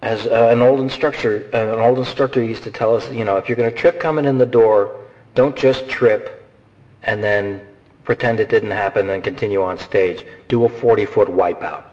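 A man giving casual, animated, rambling advice on voice acting, slipping into quick character voices. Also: lowish voice, highs cut off. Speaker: voice acting instructor. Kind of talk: casual instructional talk.

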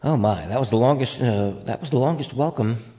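Guy hosting a podcast, chatty and rambly, jokey asides, home mic, middle pitch. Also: fairly quick, warm tone. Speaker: podcast host. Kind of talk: casual podcast chat.

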